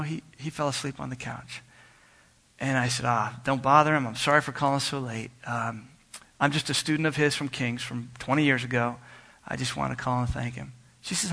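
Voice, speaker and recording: A man's voice: medium pitch, sharp tone. A man telling a personal story in a sermon, earnestly acting out both sides of a phone call, with frequent restarts. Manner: earnest, retells dialogue with many restarts. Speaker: preacher.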